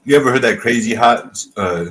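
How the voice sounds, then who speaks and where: A man's voice: medium pitch, a little fast, a bit bright, rough recording. A man hosting a casual livestream, questioning his guest with teasing, prodding questions. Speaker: livestream host.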